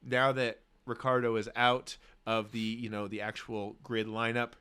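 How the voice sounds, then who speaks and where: A man's voice: mid-range voice, level tone, moderate pace, bright, forceful tone, smooth. A young man from Australia, co-hosting a podcast in an upbeat, chatty way. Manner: upbeat, chatty, says "dude" a lot. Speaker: podcast co-host. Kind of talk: casual chat.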